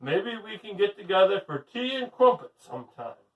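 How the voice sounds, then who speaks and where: A man voicing a sly villainous male teacher who speaks in a stolen Scottish gentleman's voice, smooth and falsely pleasant, recorded from a distant mic. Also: sits high, very animated, moderate pace, roomy sound, highs cut off. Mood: falsely polite.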